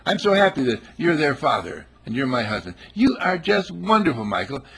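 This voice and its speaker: A man's voice: a little high, sing-song, a little fast, a crowd in the background, pitched above the performer's own voice. A man playing a gushing, adoring wife. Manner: gushing, sing-song praise. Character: adoring adult wife gushing over her husband.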